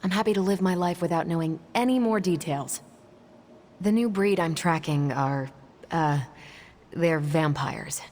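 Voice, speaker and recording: A woman's voice: on the low side, a little slow, a little mellow. An actress playing a dry, wry, matter-of-fact woman tracking vampires in a video game. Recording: game audio with faint music.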